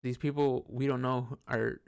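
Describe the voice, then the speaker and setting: A man's voice: mid-range voice, flat delivery, measured pace, vocal fry, darkish tone, clean tone. A man telling a personal story in a rambling, casual way, swearing often and restarting sentences while he plays a computer game. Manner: rambling, profane, many fillers and restarts.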